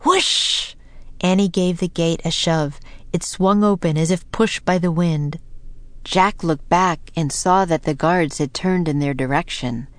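A woman narrating a children's storybook in a calm, measured way, slowing for suspense. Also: fairly low pitch, no echo. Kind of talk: storybook reading.

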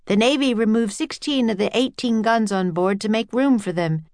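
A woman's voice: a little high, moderate pace, a little mellow, no room sound, pitched above the performer's own voice, lightly acted. Polite young ship scientist, friendly and helpful, read by a woman. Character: kind young male sailor-scientist, polite.

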